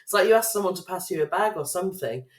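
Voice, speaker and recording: A young woman with a fairly low voice talks fast and animatedly as co-host of a casual podcast chat recorded in an echoey room. She tells travel stories, swears freely and teases her friend.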